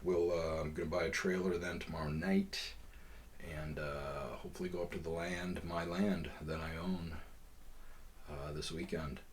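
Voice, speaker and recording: A man's voice: sits low, fairly even intonation, moderate pace, slight background noise. A man hosting a podcast, telling a long personal story in a rambling, profane way with lots of fillers. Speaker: podcast host. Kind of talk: casual storytelling.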